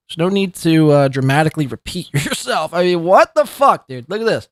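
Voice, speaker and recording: Sarcastic male podcast host, animated pitch. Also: moderate pace, no echo. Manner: sarcastic, mocking, swears freely. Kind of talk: commentary on clips.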